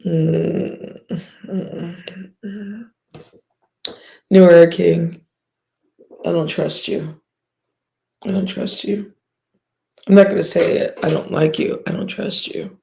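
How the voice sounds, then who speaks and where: A woman's voice: on the low side, steady tone, a little slow, vocal fry, pauses often, mellow. A woman hosting a livestream, ranting bluntly and profanely at her viewers with scoffs and sighs. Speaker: livestream host.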